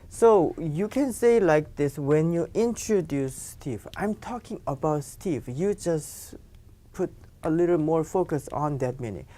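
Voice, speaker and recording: Low-voiced teacher explaining grammar. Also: female voice, mellow. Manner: explains patiently, with many "you know" fillers. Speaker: Korean language teacher. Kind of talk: classroom grammar lesson.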